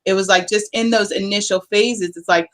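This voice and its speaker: A woman's voice: medium pitch, steady tone, brisk, a bit bright. A woman from Southern California with a Southern Californian accent, a guest on a panel chat, talking in a candid, chatty way with lots of fillers.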